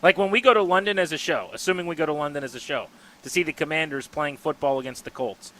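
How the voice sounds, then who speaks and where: A man's voice: on the high side, fast, fairly bright tone. A man hosting a sports radio show, chatting casually and telling playful stories. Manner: playful, storytelling with put-on voices.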